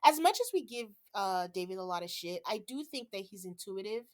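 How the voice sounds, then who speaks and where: Podcast host, woman, casual recap chat; chatty, quick to quote others, laughs a lot. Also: mid-range voice. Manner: chatty, animated when quoting people, laughs often.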